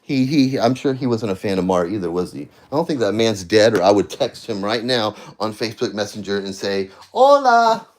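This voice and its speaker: A man ranting on a livestream from home, addressing absent people, swinging between heated shouting and low, tired muttering. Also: fairly quick, hardly any pauses. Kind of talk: angry livestream rant. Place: at home, seated.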